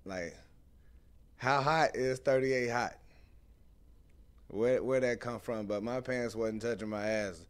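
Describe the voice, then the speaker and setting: A young man, hosting a casual live stream. His speech is animated and conversational, with a mid-range pitch, as he tells stories and calls out to viewers in the chat. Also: slow, pauses often, clear, resonant tone. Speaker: host.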